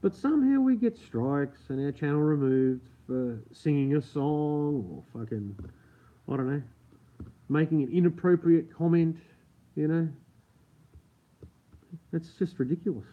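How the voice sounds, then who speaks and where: A man with an Australian accent chatting casually with viewers during a live stream, swearing freely, laughing often, and keeping his voice down late at night at home. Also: on the high side. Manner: keeps his voice down. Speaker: livestream host. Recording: tinny phone-like sound.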